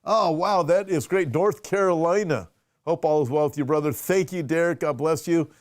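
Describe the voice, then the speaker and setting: A man's voice: on the high side, moderate pace, no echo. A man, a pastor, hosting a casual conversational show with lots of restarts as he talks. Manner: conversational, restarts and fillers, reads viewer questions. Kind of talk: casual chat.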